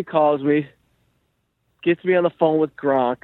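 A male comedian and podcast host telling a story in a rambling, animated way, full of "like" and "you know". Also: on the high side, slow pace, long pauses, no room sound. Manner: rambling, animated, heavy use of "like". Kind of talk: casual storytelling chat. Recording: dry tinny phone-like sound.

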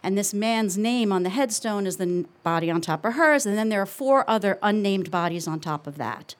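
A middle-aged woman telling a personal story on stage, earnest and confessional, slowing down with reflective pauses. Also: mid-range voice, animated. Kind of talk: live storytelling.

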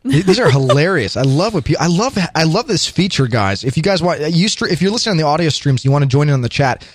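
Guy hosting a live studio show, big radio voice, jokes on himself, bouncy pitch, dry mic. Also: fast talker, dry recording. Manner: animated, self-mocking, radio announcer voice. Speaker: podcast host. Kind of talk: casual live-stream chat. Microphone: studio microphone.

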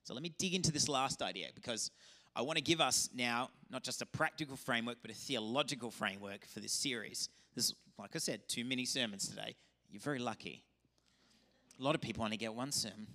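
A man, a pastor, preaching a lively, conversational sermon. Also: mid-range voice, brisk. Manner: animated, conversational preaching with acted-out dialogue. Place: church auditorium.

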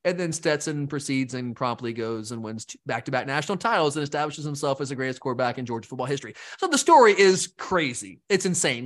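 Animated man talking sports. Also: a little high. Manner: animated, rambling, mimics fans in quotes. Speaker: podcast co-host. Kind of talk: casual sports talk.

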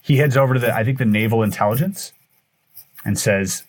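A man's voice: medium pitch, fairly quick. Man telling a story animatedly. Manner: animated, acts out quoted dialogue; loose, with fillers and restarts. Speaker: podcast guest. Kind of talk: casual storytelling.

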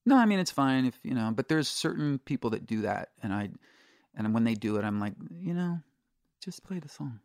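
A man's voice: medium pitch, big pitch swings, brisk, gravelly, no echo. Man, middle-aged, candid, casual storytelling, dry close sound. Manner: candid, storytelling, frequent restarts and swearing. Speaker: guest singer-songwriter. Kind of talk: casual interview chat.

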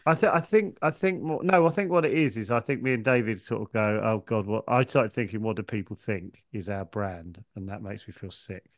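A man's voice: fairly low pitch, fairly quick, hardly any pauses, no echo. Rambling man in a dry close mic. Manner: rambling, stop-start, jokey. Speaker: podcast co-host. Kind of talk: casual chat.

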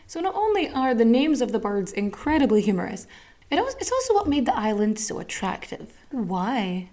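A woman, hosting a podcast and telling a history story in a sweary, sarcastic, animated way. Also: a little high, moderate pace. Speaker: podcast host. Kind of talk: casual storytelling chat.

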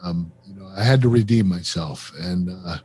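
Husky middle-aged man telling candid stories. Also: low voice, normal speed, dark tone. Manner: earnest, confessional, frequent fillers. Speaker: show host and former wrestler. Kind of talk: candid storytelling interview.

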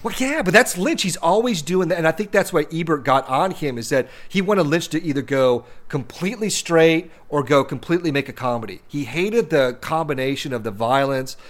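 A man's voice: a little high, animated, fairly quick, hardly any pauses. A man co-hosting a casual film discussion, talking in long rambling runs with many restarts and repeated words. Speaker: podcast co-host discussing films.

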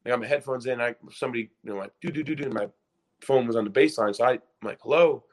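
A young man from Pennsylvania, a former college basketball player, telling a story in a casual podcast interview, excited and rambling, acting out quotes. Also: medium pitch, racing. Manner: excited, rambling, full of restarts and acted-out quotes.

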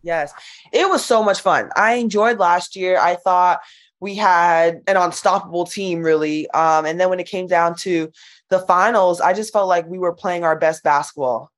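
A woman's voice: lowish voice, normal speed. A young woman, a college basketball player, chatting casually as an interview guest with lots of "like". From United States. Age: young adult. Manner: chatty, lots of "like", animated retelling.

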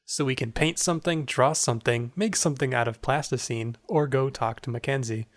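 A man's voice: mid-range voice, fairly quick. A man narrating as game master of a tabletop role-playing game, in a plain, matter-of-fact way.

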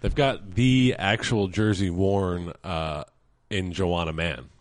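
A man's voice: sits low, takes it slowly. A man co-hosting a casual podcast, dropping dry, wry remarks and basketball facts. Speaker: podcast co-host.

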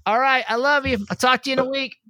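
A young man from Georgia hosting a casual podcast, animated and quick with jokes. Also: extremely high pitch, no room sound, studio quality. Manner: animated, laughing, quick asides. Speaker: podcast host. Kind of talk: casual chat.

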